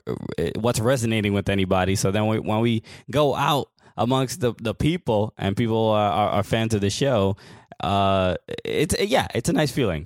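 A man's voice: fairly low pitch, no room sound, clean studio sound. A man co-hosting a casual soccer podcast, laughing often and restarting his sentences. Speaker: podcast co-host. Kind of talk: casual chat.

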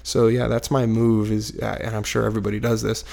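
A dog barks close by as a thirty-something man, sitting on his living room couch at home, tells a meandering, self-deprecating personal story packed with fillers. He speaks a little fast in a fairly low, creaky, darkish voice with a level tone.

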